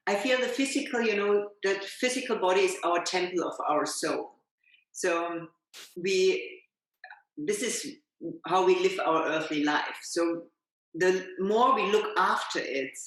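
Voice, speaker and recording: Echoey, gentle woman yoga teacher. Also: on the low side. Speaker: yoga and meditation teacher, guest. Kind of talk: reflective conversational chat. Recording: very echoey room.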